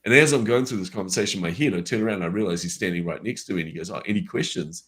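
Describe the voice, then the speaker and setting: A man with a low, deep voice tells a personal story in a relaxed conversation. He is an animated storyteller and acts out the dialogue he remembers. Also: rapid-fire. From New Zealand. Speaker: guest.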